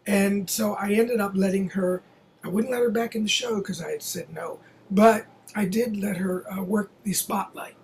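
An older theater producer recounts a story from a long career in a relaxed, conversational way. The telling wanders with fillers and restarts and keeps breaking into quoted dialogue. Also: medium pitch, normal speed, vocal fry, a little hiss or hum, low-quality recording. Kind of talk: anecdotal storytelling.

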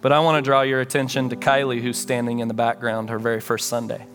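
A man pastor delivers a sermon in an earnest storytelling manner, slipping into the prayers and conversations he recounts. His voice sits in an ordinary middle range. Faint instrumental music plays softly behind him. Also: mid-range voice, little pitch movement, fast talker.

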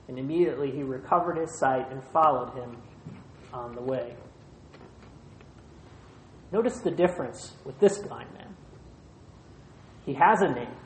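A pastor preaching a sermon in short, measured phrases, retelling a scripture passage. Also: medium pitch, a little hiss or hum. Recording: roomy echo.

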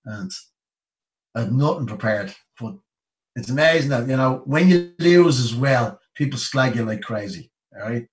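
An Irish man in his fifties, a guest telling a lively story in a casual way and acting out the people he quotes. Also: medium pitch, normal speed, distant mic, low-quality recording. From Ireland. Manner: lively anecdote-telling, acts out the people he quotes, many "you know"s.

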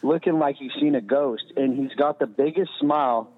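The recording has a tinny, phone-like quality and long reverb. On it, a podcast guest with a medium-pitched voice tells a story at a moderate pace, casually and profanely, rambling and saying "you know" constantly.

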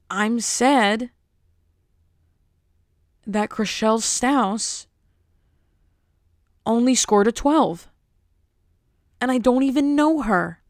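A woman's voice: fairly high pitch, no room sound, studio quality. A woman chatting casually to her viewers, rambling and joking at her own expense. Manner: rambling, jokey, self-mocking. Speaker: vlogger. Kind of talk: casual chat to camera.

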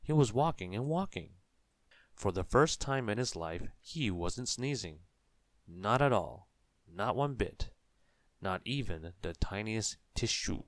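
A man reading a children's story aloud in a gentle, measured way. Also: deep voice, animated, dry recording.

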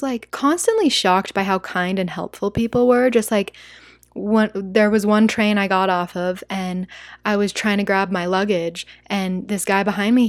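A young woman from Utah telling a travel story to her viewers in a chatty, animated way, full of "like"s. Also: mid-range voice, no echo, clean studio sound. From Utah, USA. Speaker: travel vlogger.

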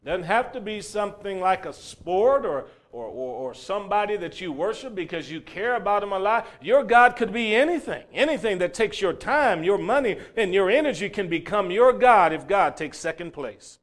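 A man preaching a sermon who swings between loud, emphatic bursts and low, quiet passages, and tells stories along the way. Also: lively intonation, moderate pace, hardly any pauses. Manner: storytelling, acting out a crying child's shouts.

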